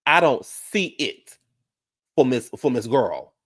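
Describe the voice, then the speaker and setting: Animated man recapping reality TV. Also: slow pace. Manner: animated, jumps into high-pitched quoted voices; talks back to viewers in chat. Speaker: YouTube reaction show host. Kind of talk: casual recap commentary to live chat.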